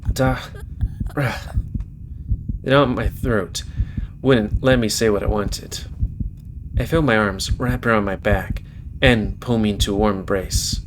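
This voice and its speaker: Man reading a game aloud, lowish voice. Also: normal speed, background noise. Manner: dramatic reading, shifting into casual chat. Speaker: let's play host. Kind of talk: reading a visual novel aloud.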